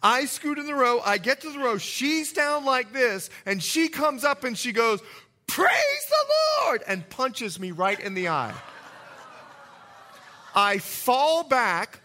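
A man preaching a sermon as pastor, telling a story with jokey asides and swinging between loud and hushed delivery. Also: extremely high pitch, expressive, slow pace.

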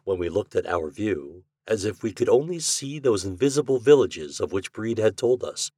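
A man reads classic fiction aloud in a low, husky voice with a lively, expressive pitch. His delivery is measured and close, with a dry, unreverberant sound. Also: no room sound. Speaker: podcast host and reader.

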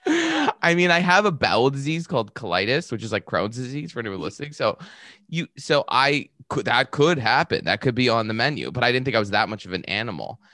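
A man's voice: mid-range voice, a little fast, dry recording, studio quality. A man, a comedian guest on a podcast, telling crude stories in casual chat and laughing through them. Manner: animated storyteller, laughs through his own tales.

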